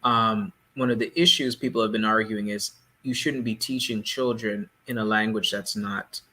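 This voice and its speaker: A man co-hosting a casual panel discussion, speaking in a measured, explanatory way. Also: on the low side, steady tone, bright, forceful tone. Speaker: podcast co-host.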